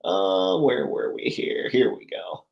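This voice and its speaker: A man's voice: sits low, wildly swooping pitch, slow, vocal fry, dull audio. A man hosting a live stream about toy collecting, talking casually with viewers in an upbeat, jokey way.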